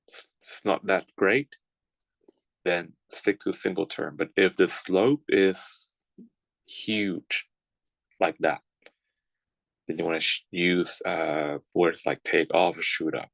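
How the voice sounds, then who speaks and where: A man's voice: low-pitched, creaky, no echo, rough recording. A man teaching a writing class, lecturing with frequent "okay"s and restarts. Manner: repeats words and restarts, says okay often.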